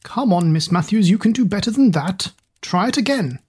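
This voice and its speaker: A woman voicing a towering, stern music teacher who booms in a flat monotone. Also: moderate pace, slightly rough. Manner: booming, monotone.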